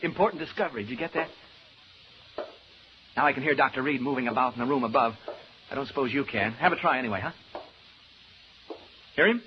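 An actor playing a lonely, nervous radio announcer alone in a haunted house, stammering and rambling in an old radio drama. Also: male voice, medium pitch, fairly quick, long pauses, dull audio, a little hiss or hum, close to an everyday voice. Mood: uneasy. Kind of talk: 1940s radio drama acting.

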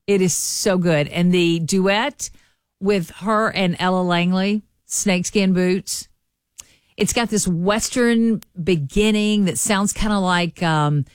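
A woman's voice: on the low side, slow pace, smooth, dry recording, clean studio sound. A woman hosting a morning radio show, chatty and folksy. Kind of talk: morning radio entertainment chat.

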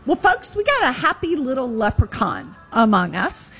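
A woman's voice: high voice, big pitch swings, moderate pace, a bit bright, husky, faint music behind. A woman co-hosting a talk radio show, speaking in an upbeat, teasing way.

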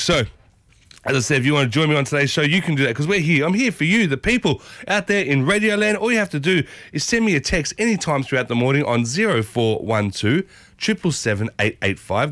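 Husky Australian radio host. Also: male voice, medium pitch, no echo. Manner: energetic, playful, chatty. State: husky from a sore throat. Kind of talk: morning radio show hosting. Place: community radio studio. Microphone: studio microphone.

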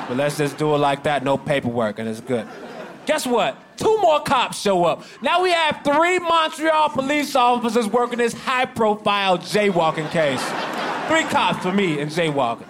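High-voiced deadpan stand-up storyteller. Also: male voice, background noise. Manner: deadpan storytelling with loud outbursts. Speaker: stand-up comedian.

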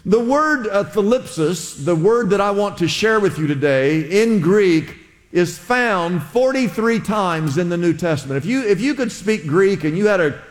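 A man with a somewhat high voice preaches in a church sanctuary, his words trailing off into a long hall reverb. He talks in a loose, conversational way, restarting phrases and calling on the congregation to repeat after him. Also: lively intonation, a little slow. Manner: conversational preaching with audience call-and-response. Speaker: pastor. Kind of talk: sermon.

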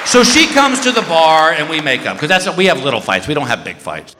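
Animated man doing stand-up. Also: on the high side, a little fast, a crowd in the background. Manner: animated, acts out shouted quotes. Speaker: stand-up comedian. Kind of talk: stand-up storytelling. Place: comedy stage in a large hall. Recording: live hall with reverb, faint noise. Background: audience laughter.

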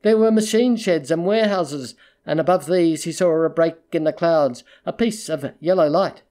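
A narrator with a medium-pitched voice reads a literary short story aloud, keeping a measured, steady storytelling pace.

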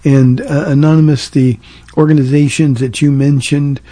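The recording has no echo as a man who pastors a church answers questions on his call-in radio show. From Southern California, he's earnest and conversational, restarting often, and his high-leaning, mellow voice barely moves in pitch at a moderate pace.

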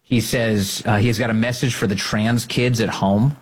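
A man's voice: lowish voice, moderate pace, husky. A man hosting a political podcast, commenting sarcastically on played clips with frequent laughter. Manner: sarcastic, laughing, animated asides.

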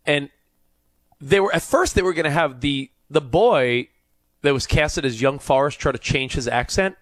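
A man's voice: on the high side, normal speed, dry recording. A man co-hosting a radio talk show, speaking earnestly and with animation about films. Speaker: radio co-host. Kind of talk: casual radio chat.

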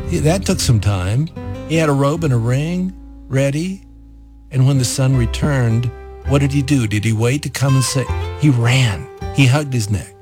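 A man hosting a devotional talk, speaking earnestly and reflectively about scripture. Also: medium pitch. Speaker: host. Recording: music bed under voice.

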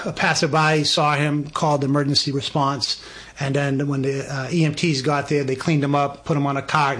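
A man tells his story with growing excitement and acts out each person's words. His voice sits fairly high and sounds husky. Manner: excited, animated storyteller acting out dialogue. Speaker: guest. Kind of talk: testimony storytelling.

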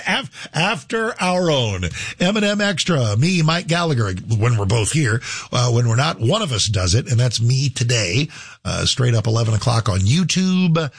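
Middle-aged male talk host, rambling and casual; low, husky voice with a dry close sound. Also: big pitch swings, moderate pace, no room sound. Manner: rambling, with many restarts and asides. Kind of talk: casual talk-show monologue.

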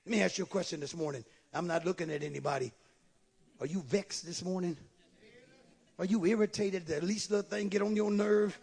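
A man preaching a sermon, moving from quiet asides to shouted scripture and calling out to his congregation. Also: high voice, fairly quick, creaky, husky. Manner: calls out to the congregation.

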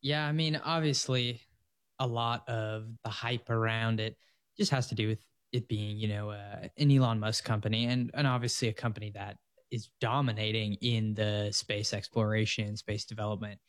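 A man, a financial advisor, chatting on a radio show in a measured, thoughtful way. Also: lowish voice, steady tone, clean tone, no room sound, clean studio sound. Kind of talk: casual radio talk show chat.

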